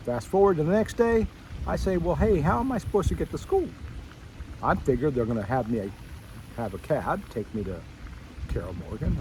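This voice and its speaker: A man with a fairly high voice speaks a bit fast against background noise, sharing a school memory with old classmates at a reunion. He acts out his past reactions with rising excitement, wandering into self-correcting asides.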